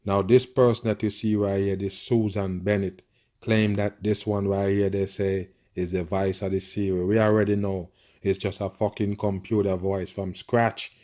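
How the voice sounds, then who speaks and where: A man's voice: lowish voice, level tone, moderate pace, warm tone. A man giving profane, conspiratorial reaction commentary on a video, with constant murmured agreement.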